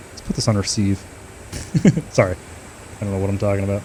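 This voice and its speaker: A man's voice: on the low side, animated, moderate pace, pauses often, slight background noise. A man streaming a flight simulator, trading loose, profane banter with his chat and making short radio calls to teammates.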